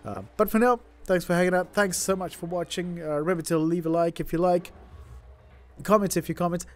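A man commentating his first try at a game, panicking, laughing and yelling at his characters, then calming down to talk to viewers. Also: high voice, brisk. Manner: calmer, chatty sign-off to viewers. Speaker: gaming YouTuber. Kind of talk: let's play commentary.

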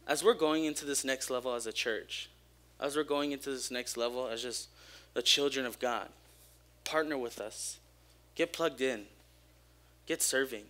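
Bright-voiced young man preaching casually. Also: mid-range voice, moderate pace. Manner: energetic, joking, openly personal. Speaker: church speaker. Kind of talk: casual youth sermon. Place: church service.

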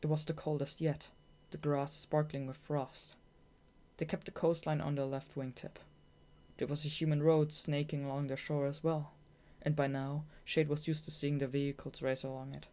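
Low-voiced woman narrating an audiobook. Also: flat delivery, normal speed, warm tone.

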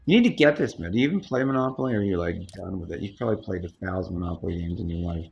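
A man chats casually as a livestream host, greeting viewers again and again. His voice sits low with a gravelly edge. The sound is dull and lo-fi, with a faint hiss behind it. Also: animated, rapid-fire, darkish tone. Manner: chatty, greets viewers repeatedly, sings high hellos.

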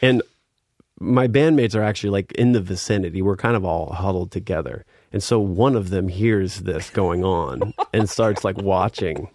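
A guest musician in his thirties tells a casual story in a low voice at normal speed, with a darkish tone and clean, echo-free studio sound. He's laid-back and uses plenty of fillers, growing livelier as he reenacts scenes.

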